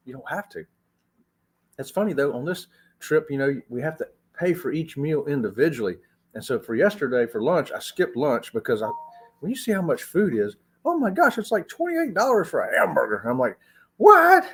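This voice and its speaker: Husky, lively man hosting a livestream. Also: on the high side. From Florida. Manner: chatty, laughing, calls viewers y'all. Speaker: travel channel host. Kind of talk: casual livestream chat. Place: hotel room.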